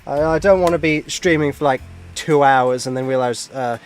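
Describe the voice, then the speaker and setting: A man's voice: medium pitch, normal speed, slight background noise. A man streaming a game, chatting casually, laughing often and exclaiming at the screen.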